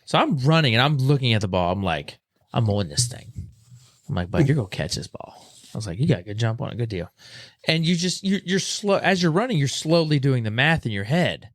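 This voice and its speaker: A man's voice: mid-range voice, a little fast, no echo, clean studio sound. A young man casually telling a story as a podcast guest, acting out what people said. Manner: animated, acts out quoted voices.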